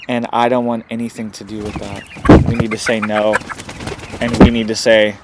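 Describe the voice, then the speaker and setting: A man's voice: lowish voice, flat delivery, normal speed, very noisy. A man hosting a homesteading channel, talking urgently to camera and tagging lines with "right?", with chickens close by. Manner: urgent, repeats "right?" often. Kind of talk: casual direct-to-camera commentary. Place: home setup with chickens nearby. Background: chickens clucking.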